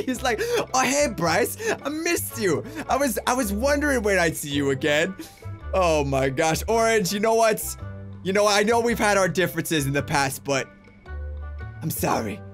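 High-voiced frustrated young gamer man. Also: vocal fry, fairly bright tone. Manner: frustrated, exclaiming, rambling self-talk. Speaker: gaming YouTuber. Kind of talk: let's play commentary.

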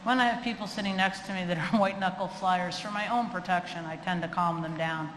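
Animated woman lecturing in an echoey hall. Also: lowish voice, brisk. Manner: animated, acts out quoted voices with humor. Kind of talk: humorous live lecture. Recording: echoey hall, faint room noise.

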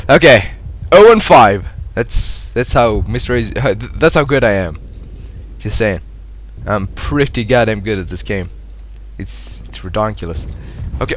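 A young man giving live commentary over a shooter game, excitable and foul-mouthed, laughing at his own blunders. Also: measured pace. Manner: excitable, swears a lot, laughs at himself, swings from loud yelps to low mutters. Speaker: gameplay commentator.

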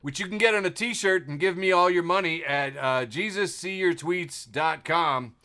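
A man's voice: a little high, normal speed, pushed and bright. A man hosting a casual podcast, reading memes aloud with a wry tone and laughing often. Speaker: podcast host.

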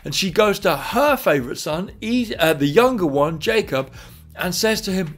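A church leader retelling a Bible story in an animated way, swinging between quiet and loud. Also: male voice, high-pitched, moderate pace.

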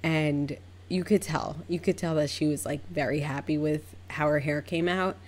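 A young adult woman, a hairstylist, telling a story in a casual, chatty way, acting out both sides with big jumps in pitch. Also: fairly even intonation, moderate pace. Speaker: hairstylist and vlogger.

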